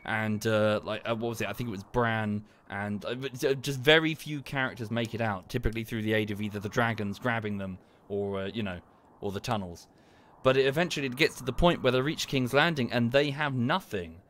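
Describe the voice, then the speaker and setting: A man streaming a game, rambling in a casual chat that turns into heated ranting with sudden high outbursts. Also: brisk, few pauses, fairly bright tone. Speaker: gaming streamer.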